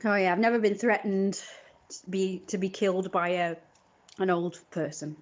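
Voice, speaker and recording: A woman's voice: mid-range voice, fairly even intonation, moderate pace, dull audio. A woman on a live stream, telling a long rambling story in an indignant tone.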